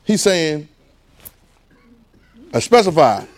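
A man's voice: a little high, expressive, brisk, a little mellow. A man with a Southern US accent preaching a sermon in a casual, coaxing call-and-response style.

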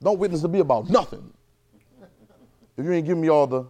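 Male preacher, thirties, call-and-response style, pitched a bit high. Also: animated, fast, dark tone. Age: 30s. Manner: call-and-response with the congregation, conversational and emphatic. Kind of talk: sermon.

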